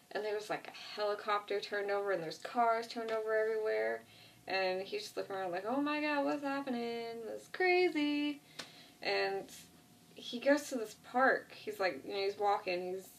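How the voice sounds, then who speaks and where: A woman's voice: medium pitch, vocal fry, far from the mic. A woman vlogger casually retelling a TV episode, rambling with lots of fillers like "like" and "you know". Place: at home, with a cat nearby.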